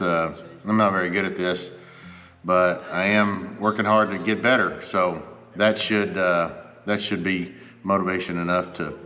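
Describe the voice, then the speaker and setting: A man's voice: low-pitched, pushed and bright, long reverb tail. A man hosting a motorcycle vlog, talking casually and earnestly to his viewers and asking them for advice. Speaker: motorcycle vlogger. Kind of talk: casual chat to camera.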